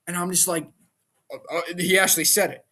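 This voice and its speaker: A man with a slightly higher voice than most talks through a casual review vlog. He rants in an animated, exasperated way and keeps throwing out rhetorical questions in disbelief. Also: a little fast. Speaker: wrestling show reviewer.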